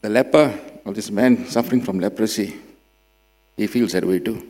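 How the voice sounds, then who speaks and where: A man from Singapore, preaching a sermon and swinging between loud emphasis and quiet drops. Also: lowish voice, normal speed, breathy edge. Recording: long hall reverb with mains hum.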